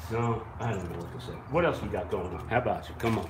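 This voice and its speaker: A man hosts a live online show, chatting casually with viewers and reacting to their comments. His voice sits on the low side and moves fast, with a roomy sound and some background noise. He's an animated, rambling storyteller who swears and laughs as he goes.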